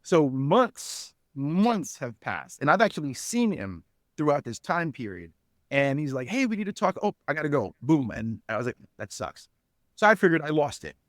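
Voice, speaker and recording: A man's voice: a little high, sing-song, normal speed, no room sound, clean studio sound. A middle-aged man, a podcast guest, telling a long anecdote casually, full of fillers and restarts and acting out the people he quotes. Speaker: podcast guest, spirits company founder. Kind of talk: casual storytelling interview.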